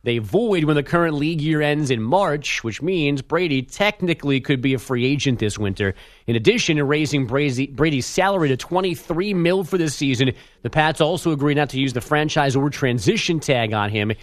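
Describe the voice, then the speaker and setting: A man's voice: a little high, animated, a little fast, no echo. A man hosting sports radio, reading a sports news update with dry, teasing remarks.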